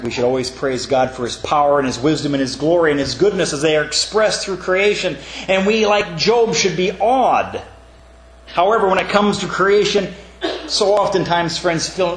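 Earnest preacher man in an echoey room. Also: fairly high pitch. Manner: earnest, repeatedly addresses listeners as friends. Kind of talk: sermon. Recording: echoey room with faint background noise.

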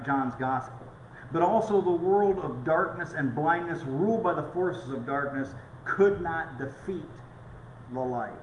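A middle-aged pastor preaching a conversational sermon with stories. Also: male voice, on the high side, highs cut off, slight background noise. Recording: echoey room.

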